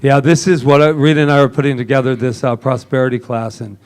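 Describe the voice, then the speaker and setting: A man preaching a lively sermon in a church service, joking and laughing often with the congregation. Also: mid-range voice, fast. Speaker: minister.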